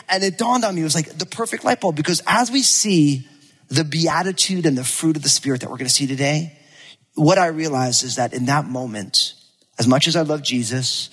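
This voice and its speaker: A man who is a pastor, preaching a sermon and telling a personal story in a lively, animated way, acting out the lines of people in it. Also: fairly high pitch, slightly rough, in a large hall. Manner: animated storytelling, acts out quotes. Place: church.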